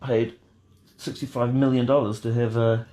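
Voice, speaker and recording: A man hosting a casual live watch party from bed, answering chat questions in a deadpan, joking way. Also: mid-range voice, moderate pace, a little hiss or hum. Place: in bed at home. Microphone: phone.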